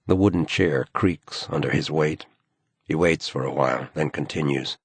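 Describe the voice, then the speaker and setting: Male narrator, very deep voice, slow measured delivery, slightly husky, dry sound. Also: no echo. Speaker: audiobook narrator. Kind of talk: scripted narration.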